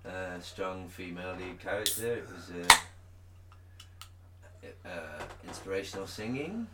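A man's voice: sits low, animated, a little slow. Man laughing in a roomy room. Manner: laughs often, rambling and self-mocking. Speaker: podcast co-host. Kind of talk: casual chat. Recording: roomy, distant mic with background noise.

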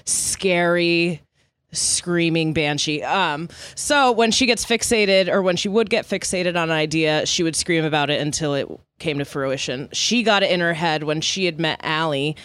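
A young woman co-hosting a podcast, telling a story in a casual, animated way, laughing often and acting out the people she quotes. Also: deep voice, unhurried, clear, resonant tone, no room sound. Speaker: podcast co-host.

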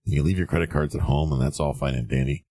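A man's voice: extremely low pitch, fast talker, vocal fry, dark tone, husky, no echo. A man giving blunt, sarcastic real estate advice, mocking get-rich schemes and acting out the people he quotes.

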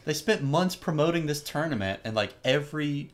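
A man co-hosting a podcast, chatting casually and telling stories with animated energy, acting out what people said. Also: on the high side, normal speed. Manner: animated storytelling, acts out quoted lines. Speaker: podcast co-host. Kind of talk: casual chat.

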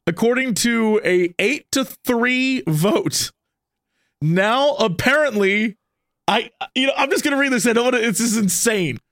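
A man's voice: very high-pitched, unhurried, dry recording, clean studio sound. A man guesting on a podcast, telling stories in casual chat and acting out quotes with a raised voice. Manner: animated, acts out quotes with raised voice.

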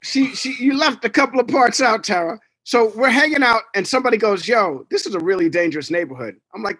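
Animated guy telling a wild story, dry close mic, voice jumping all over. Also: high voice, fairly quick, few pauses, slightly rough, dry recording. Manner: animated, acts out voices and gunshot sounds. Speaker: podcast co-host. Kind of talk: casual storytelling.

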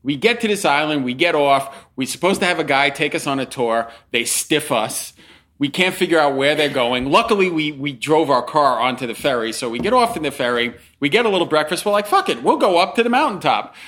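A young man telling a story in casual chat, his pitch leaping all over as he acts out what people said. His voice sits fairly high and sounds bright and sharp. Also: fairly quick. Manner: animated, acts out quotes with big pitch jumps.

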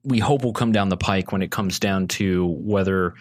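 Earnest man explaining policy, low voice. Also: normal speed. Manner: earnest, explains at length with restarts. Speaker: guest, policy advocate. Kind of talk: casual podcast conversation.

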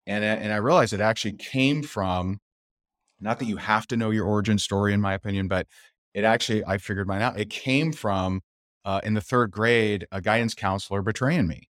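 Low-voiced man telling candid stories. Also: fairly quick, dry recording, clean studio sound. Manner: animated storyteller who acts out other people's voices. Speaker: podcast guest. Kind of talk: candid interview storytelling.

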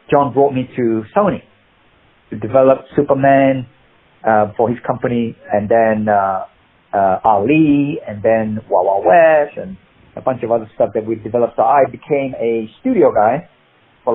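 A man with a Cockney accent, an actor guest telling rambling, animated stories with many restarts. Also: mid-range voice, slightly rough. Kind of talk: casual interview storytelling. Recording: tinny phone-like line.

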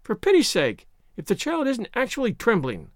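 A man doing a stern, brisk older woman. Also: very high-pitched, wildly swooping pitch, no room sound, studio quality, pitched above the performer's own voice, exaggerated voice. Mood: scolding. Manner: brisk, scolding. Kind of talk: audiobook character reading.

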